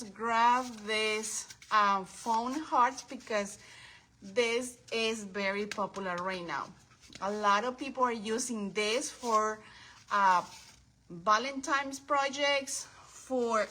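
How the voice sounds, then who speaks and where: A woman hosting a casual craft livestream from her home craft table, chatting warmly with viewers by name and calling them her friends. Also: on the high side, a little hiss or hum, low-quality recording.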